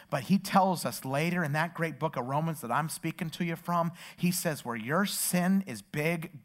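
A man, a pastor, preaching a sermon with stories and rising emphatic passages. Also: fairly high pitch. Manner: storytelling, building to loud emphatic preaching.

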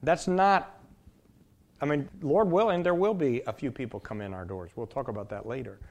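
Guy preaching a sermon, emphatic, goes loud then quiet, keeps repeating his points. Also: mid-range voice, normal speed, muffled recording.

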